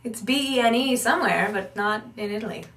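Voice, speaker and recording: A woman giving a casual spoken lesson on learning accents, animated and breaking into sung syllables to demonstrate. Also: a little high, brisk, echoey room, recorded from a distance. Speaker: accent and dialect teacher.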